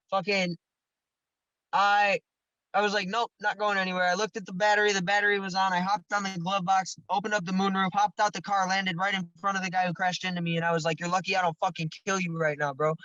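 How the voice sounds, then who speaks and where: Young male podcast guest, high bright voice, foul-mouthed storyteller, dry lo-fi audio. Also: dry recording. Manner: profane, animated storytelling with bursts of laughter. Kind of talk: casual storytelling.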